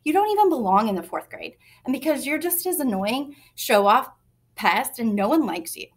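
A woman's voice: on the high side, sing-song, normal speed. Storybook boy, ten, sulky older brother, read by a woman. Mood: scornful.

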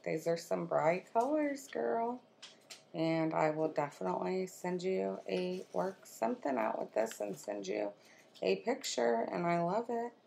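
A woman vlogging at home as she unboxes a makeup swap, gushing and excitable as she talks to her viewers and her friend. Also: on the low side, measured pace, creaky, slight background noise. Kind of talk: casual unboxing chat. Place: at home, with her children nearby.

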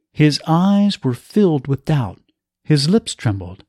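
A man narrating a scripted story with a slow, measured reading style. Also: on the high side, sing-song, darkish tone, no echo, studio quality.

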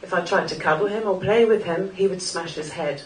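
A woman's voice: on the low side, brisk, far from the mic. A woman in her forties gives an earnest personal talk with a wry, self-mocking humour. Her voice carries through an echoey room from a mic some way off, with a faint hiss behind. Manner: wry, earnest, laughs at her own jokes. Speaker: speaker at a live talk event. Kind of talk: personal talk to a live audience. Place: small club venue in front of an audience.

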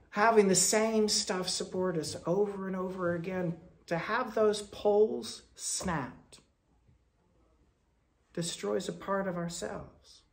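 Man telling stories in a sermon. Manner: storytelling, swinging between loud bursts and soft, low asides. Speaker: speaker at a Quaker meeting.

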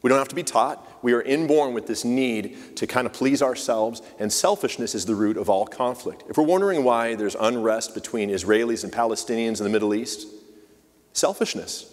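A man's voice: mid-range voice, a little fast, few pauses, long reverb tail. A man preaching a sermon in a church, talking in a conversational way and putting questions to the congregation. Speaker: church leader giving the message. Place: church sanctuary.

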